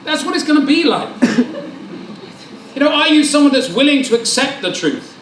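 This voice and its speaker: A man preaching a lively sermon in a church hall, joking and acting out conversations in different voices. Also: very high voice, moderate pace, a little hiss or hum. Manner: animated, joking, acts out dialogue. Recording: roomy hall sound, mic at a distance.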